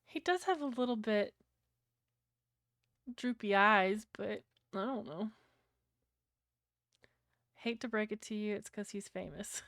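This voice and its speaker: Sweary British woman streamer, smooth and dry. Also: mid-range voice, no room sound. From Britain. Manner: blunt, sweary, rambling, chatting to her viewers. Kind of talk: casual livestream chat.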